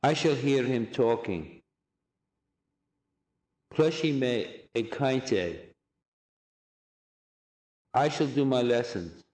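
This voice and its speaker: A man giving a recorded language lesson, saying phrases slowly and repeating each one for drilling. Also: mid-range voice, lively intonation, a little mellow, echoey room. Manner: slow, deliberate drilling of phrases with repetition. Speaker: language teacher.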